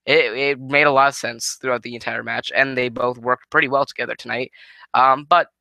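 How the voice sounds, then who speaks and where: A tired man talks casually through a wrestling review, swearing and restarting his sentences as he goes. His voice sits at an ordinary pitch but has a very sharp, bright edge. The sound is close and dry. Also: steady tone, a little fast, gravelly, dry recording. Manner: rambling, swearing, frequent restarts.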